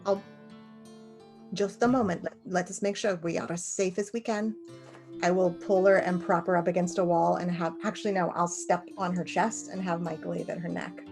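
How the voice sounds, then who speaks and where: A woman's voice: fairly low pitch, fairly even intonation, normal speed, over music. A woman playing a tabletop game, speaking in a formal, commanding way. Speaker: player. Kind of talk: in-character tabletop play.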